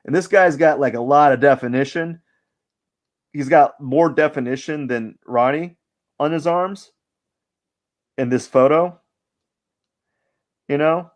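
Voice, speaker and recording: A man's voice: on the high side, measured pace, long pauses. A man hosting a live drawing stream, giving casual commentary as he works and thinking aloud in a rambling way, with lots of fillers.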